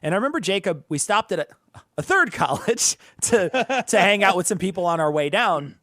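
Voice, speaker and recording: A man from Northern Illinois co-hosting a podcast, talking in a rambling, animated way with restarts and swearing. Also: high-pitched, moderate pace, no echo, studio quality. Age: adult, past college. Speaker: podcast co-host. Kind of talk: casual chat.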